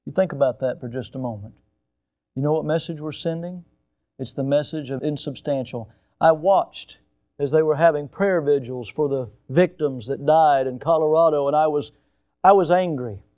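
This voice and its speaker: A male pastor preaching a sermon with emphatic swings in loudness and pace, now and then putting on mocking high voices. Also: normal speed.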